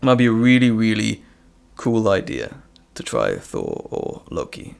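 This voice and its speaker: A man hosting a casual live stream, chatting in a relaxed, rambling way with chuckles. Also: on the low side, unhurried, vocal fry. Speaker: host.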